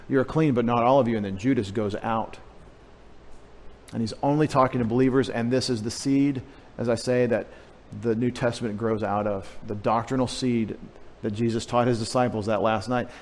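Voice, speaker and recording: Pastor preaching in a reverberant hall. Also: male voice, medium pitch, a little mellow. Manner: conversational teaching with restarts and rhetorical questions. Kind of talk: sermon.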